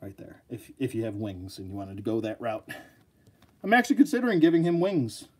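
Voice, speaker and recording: A man's voice: medium pitch, animated, a little fast, darkish tone. A man hosting a casual live action figure review, joking and rambling as he talks to his viewers.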